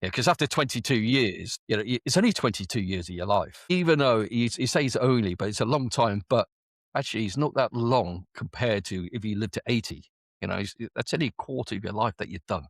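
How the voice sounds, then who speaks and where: With a fairly low pitch, lively intonation and a slightly fast pace, a British man in his forties tells his story as an army veteran and business owner. The casual interview is chatty and rich in quoted dialogue. Clean studio sound, with no room sound.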